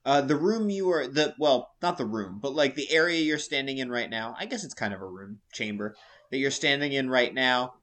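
A man's voice: mid-range voice, expressive, moderate pace, fairly bright tone. A man narrating as game master of a tabletop game, hesitant and full of fillers, with a joking streak.

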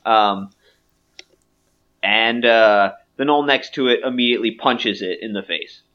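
A man narrating as game master in a relaxed way, with many fillers. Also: lowish voice, a little slow, lo-fi sound.

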